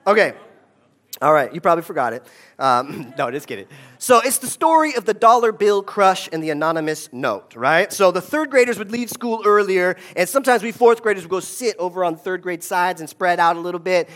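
A man's voice: high-pitched, expressive, brisk, fairly bright tone. A man giving a conversational storytelling talk, often checking in with his audience. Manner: conversational, asks the audience "right?".

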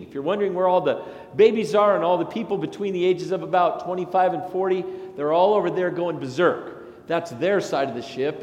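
A man, a pastor, delivering a sermon in a chatty, anecdotal way with lively asides. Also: a little high. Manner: conversational and anecdotal, with animated asides. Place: large church sanctuary. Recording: echoey sanctuary with long reverb.

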